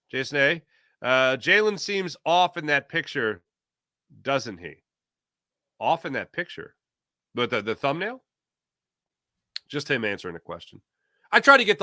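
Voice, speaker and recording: Lively sports host, bright forceful voice, dry close sound, jokey chat reader. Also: male voice, medium pitch, no echo. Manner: animated, jokey, reads live chat aloud. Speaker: podcast host. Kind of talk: casual sports talk show with ad read.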